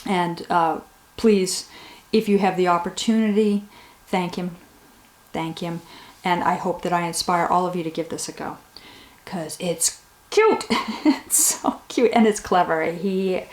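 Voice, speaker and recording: A woman's voice: on the low side, fairly even intonation, normal speed, reverberant. A woman hosting a knitting podcast, talking casually and rambling a little, with a heartfelt, grateful manner. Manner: warm, rambling, gets emotional thanking viewers. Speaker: podcast host.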